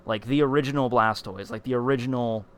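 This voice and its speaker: A man at a middle pitch tells a story straight to his vlog camera. His talk is animated and rambling, full of fillers, repeats and restarts. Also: fast, smooth. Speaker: vlogger.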